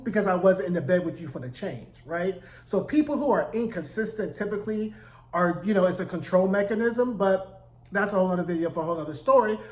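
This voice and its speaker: Blunt, profane recap host in an echoey room. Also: medium pitch. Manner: blunt, profane, gossipy, acts out characters' lines. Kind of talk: casual recap vlog.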